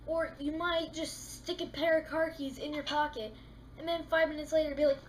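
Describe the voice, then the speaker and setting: A woman vlogger in a casual comedic monologue, talking in an animated way and acting out little scenes with exasperated rants. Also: sits high, fairly quick, a little hiss or hum, rough recording.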